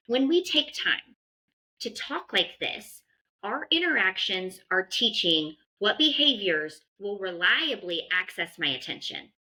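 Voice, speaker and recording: A woman in conversation with a bright, forceful voice, explaining how adults shape children's behavior. She talks earnestly and in detail, at a mid pitch. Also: very animated, unhurried, low-quality recording. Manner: earnest, explanatory, acts out parent praise lines. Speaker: guest behavior analyst. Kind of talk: conversational advice in a podcast.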